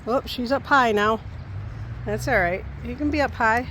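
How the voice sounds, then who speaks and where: Out on a walk with a handheld phone, this pet owner vlogger baby-talks affectionately and coaxingly to her puppy and parrot. Her voice is a little high and a bit bright at a moderate pace, and slight background noise comes through.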